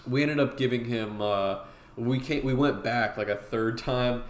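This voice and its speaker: Hosting a drawing tutorial on a live stream, this male streamer and artist speaks in a mid-range voice at a measured pace. His talk is casual and rambling, packed with fillers, and the recording is roomy with a little faint noise.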